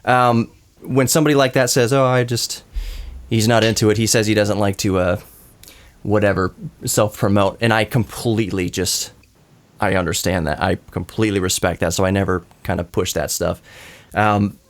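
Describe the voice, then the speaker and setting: A man's voice: fairly low pitch, steady tone, moderate pace. Male podcast host, chatty and rambling, mid-range voice, keeps circling back to his point. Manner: rambling, self-correcting, apologetic asides. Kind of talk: casual roundtable chat.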